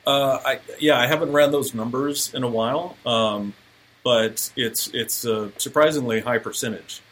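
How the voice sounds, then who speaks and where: A man appearing as a software developer guest, answering in an easygoing, explanatory way in a casual interview. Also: mid-range voice, moderate pace.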